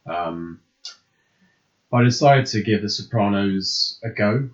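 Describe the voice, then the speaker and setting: A man's voice: lowish voice, slow. A man co-hosting a podcast in casual chat, rambling and hesitant with frequent ums. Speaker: podcast co-host. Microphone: podcast microphone. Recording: roomy, slightly dull lo-fi sound.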